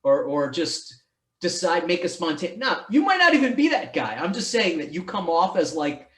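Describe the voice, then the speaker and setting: A man hosting a casual podcast conversation, talking in a slightly high voice that wanders and restarts mid-thought. His sound carries a noticeable room echo, and he drops the odd swear word along the way. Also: sing-song, moderate pace, fairly bright tone. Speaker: podcast host. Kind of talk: casual interview chat.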